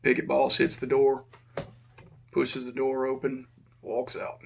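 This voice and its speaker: Gravelly guy swapping old prison stories, cussing, acts out the voices, kinda muffled audio. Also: mid-range voice, monotone, unhurried, slight background noise. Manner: casual, profane, acts out dialogue. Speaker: former prison officer. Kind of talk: casual storytelling.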